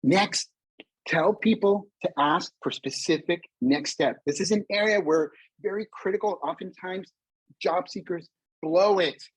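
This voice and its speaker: A man with a high-pitched, husky voice gives a motivational career webinar over video call, standing indoors at a vacation spot. He talks at a measured pace yet energetically, calls his audience "folks" and acts out dialogue, on a rough recording with no room sound.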